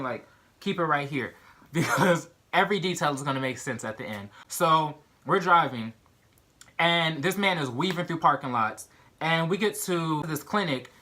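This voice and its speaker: Young male vlogger, bright tone, animated and filler-heavy storyteller. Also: fairly high pitch. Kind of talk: storytime vlog.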